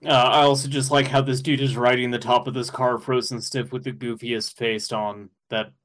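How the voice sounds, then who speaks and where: A man co-hosting a podcast, chatting casually and excitedly, laughing often and rambling with fillers. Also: medium pitch, moderate pace. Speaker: podcast co-host. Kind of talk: casual chat recapping an anime episode.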